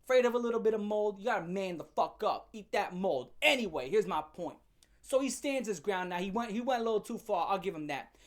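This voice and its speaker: A woman's voice: mid-range voice, lively intonation. Brief: female commentary host, brash profane rant, slangy and blunt. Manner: blunt, fast-shifting, heavy swearing and slang.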